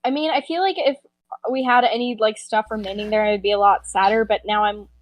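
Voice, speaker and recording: A woman's voice: medium pitch, fairly even intonation, a little fast, no room sound, voice pushed down, close to an everyday voice. A woman voicing a panicky young man who blurts out disbelieving questions. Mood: mock grief.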